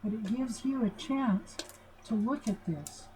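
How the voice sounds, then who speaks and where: An older woman talks slowly and gently in a chatty teaching manner, checking in with her listeners as she goes. Her voice is mellow and soft-edged. Faint background hiss sits under her voice. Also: a little high, rough recording. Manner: chatty and reassuring, asks her listeners questions. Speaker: family relationship teacher. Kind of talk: informal talk at a whiteboard.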